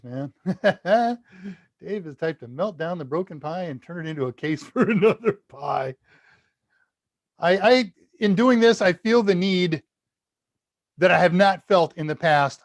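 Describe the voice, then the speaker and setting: A man teaches on a live stream, rambling in an easy, chatty way as he reads messages and talks through his project. His voice sits a little high for a man. The sound is dry and close to a desk mic, and his loudness swings as he leans in and out. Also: no echo. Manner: rambling, chatty, talks to chat while working. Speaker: tech instructor hosting a live Q&A. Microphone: desk mic at a computer, level jumps as he leans away.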